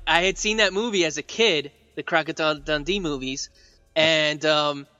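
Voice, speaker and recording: A man's voice: fairly high pitch, steady tone, normal speed, sharp tone, dull audio, faint music behind. A man co-hosting a podcast in casual chat, rambling with many fillers and laughing often. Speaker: podcast co-host and dinosaur artist.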